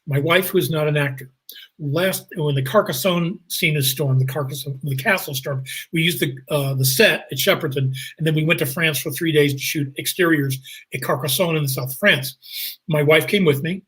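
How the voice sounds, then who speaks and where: Brief: guest actor, husky, animated anecdote teller. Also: male voice, fairly high pitch, moderate pace, rough recording. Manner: animated, jumps into voices, laughs through stories. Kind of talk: anecdotal storytelling.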